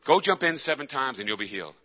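A man's voice: medium pitch, sing-song, quick pace, pushed and bright. A man voicing an aloof, unbothered prophet who speaks curtly, in a sermon retelling. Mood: dismissive. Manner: curt, dismissive. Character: aloof, unbothered old prophet, cool and curt. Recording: dull lo-fi with long hall reverb.

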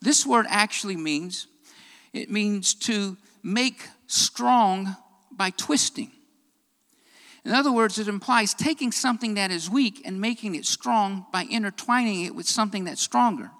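Bright emphatic preacher, repeats lines for stress, rising fervor, long hall reverb. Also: medium pitch, unhurried. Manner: emphatic, builds to raised fervent passages. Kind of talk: sermon.

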